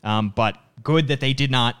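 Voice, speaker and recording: A man co-hosting a casual sports podcast, talking briskly with frequent restarts. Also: medium pitch, fairly bright tone, clear, resonant tone. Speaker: podcast co-host.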